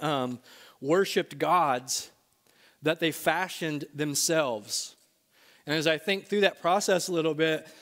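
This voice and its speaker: High-voiced man preaching a sermon. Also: a bit bright. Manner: conversational storytelling, rising to emphatic bursts. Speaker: pastor. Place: church sanctuary before a congregation.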